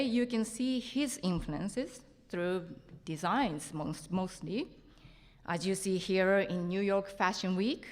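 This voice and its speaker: A woman with a Japanese accent giving a chatty, self-joking conference talk. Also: mid-range voice. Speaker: seminar speaker. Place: large conference hall. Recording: echoey hall reverb.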